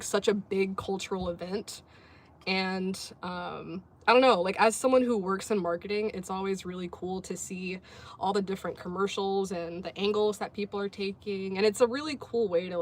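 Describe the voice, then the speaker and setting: A woman hosting a casual livestream from a sports bar, chatting easily, laughing often and reading out viewer comments. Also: mid-range voice. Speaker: livestream host.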